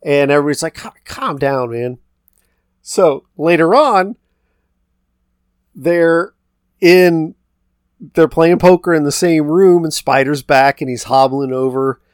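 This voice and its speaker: In clean, dry studio sound, a podcast co-host with a smooth voice on the high side walks through a movie's story, slightly slowly and pausing often. His casual recap wanders as he acts out scenes and quotes what the characters say.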